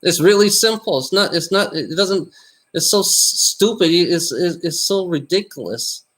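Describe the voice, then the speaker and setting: A man's voice: expressive, measured pace, a bit bright. A man vlogging in a rambling monologue, repeating himself, swearing and tagging nearly every line with "you know?". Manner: voice jumps high on exclamations.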